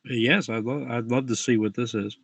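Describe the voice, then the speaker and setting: A man co-hosting a wrestling preview show, speaking haltingly and repeating himself as he explains. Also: medium pitch, fairly even intonation, lo-fi sound, very noisy. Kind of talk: casual podcast chat.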